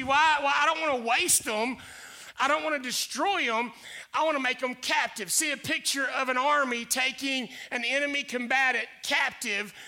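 Male pastor, high gravelly voice, preaches in forceful shouted bursts, winded. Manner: preaching with rising shouted declarations. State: getting out of breath. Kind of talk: sermon.

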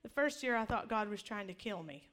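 A woman's voice: mid-range voice, lively intonation, brisk, a bit bright. A middle-aged woman pastor giving a sermon, telling stories in a conversational, humorous way and acting out quotes.

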